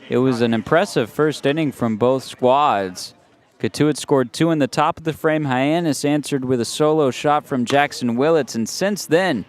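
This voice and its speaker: A man on a radio baseball broadcast, recapping the score and innings so far. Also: mid-range voice.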